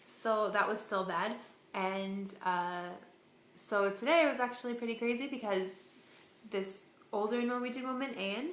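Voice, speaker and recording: A young American woman in her twenties, a volunteer, chatting casually about her day and telling stories in an animated way. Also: a little high, slight background noise. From United States. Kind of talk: casual chat. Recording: echoey room.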